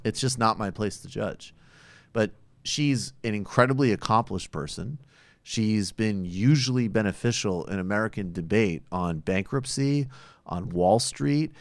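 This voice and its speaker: A man's voice: lowish voice, dry recording. A man hosting a podcast, giving blunt, opinionated political commentary that is profane at times. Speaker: podcast host.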